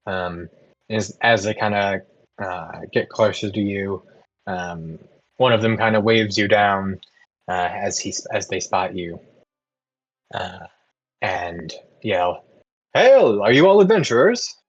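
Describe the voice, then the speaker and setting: A man narrating as game master, halting with frequent ums and restarts. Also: sits low, fairly even intonation, a bit bright, dry recording, highs cut off.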